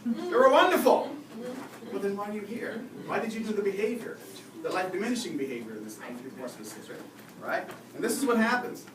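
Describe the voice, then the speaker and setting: High-voiced man lecturing in an echoey room. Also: brisk. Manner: lively, asks the audience questions, "right?" often. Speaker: behavior and communication expert giving a talk. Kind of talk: live seminar talk to an audience. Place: lecture room at a faculty club. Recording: roomy, distant mic with audible noise.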